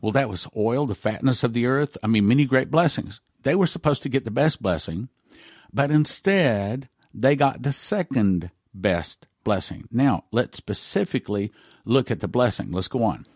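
This is a man at an ordinary middle pitch, talking through Bible prophecy on his own radio show. He reads the old verses aloud, then explains them in a homespun, emphatic way. The sound is close and dry, with no room around it. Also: animated, normal speed, a little mellow, dry recording. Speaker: radio host.

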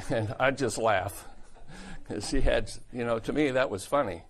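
A man's voice: mid-range voice, slow. A male pastor preaching a sermon in a blunt, folksy, conversational way.

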